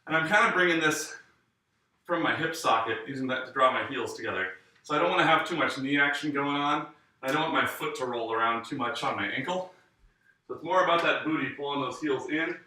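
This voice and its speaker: A man leads a dance class, explaining each step and counting the beats as he moves. His voice is bright and fairly high, and it booms around a very echoey room. The mic sits some distance from him. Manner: counts beats aloud while demonstrating. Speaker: dance teacher. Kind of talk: live online dance lesson.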